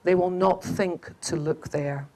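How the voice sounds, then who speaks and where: A Scottish woman voicing ancient wise beings who plot where to hide wisdom, slow and deliberate. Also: on the low side, fairly even intonation, mellow, pitched below the performer's own voice. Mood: conspiring.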